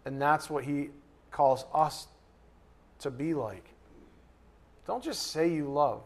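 A man's voice: on the high side, slow. A man teaching a Bible lesson in a conversational, joking way, rising to sudden emphasis. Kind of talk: sermon.

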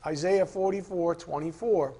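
A man teaching a Bible study class. He asks the class questions, reads verses slowly and repeats the key lines. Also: fairly high pitch, dark tone, husky. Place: classroom with a board.

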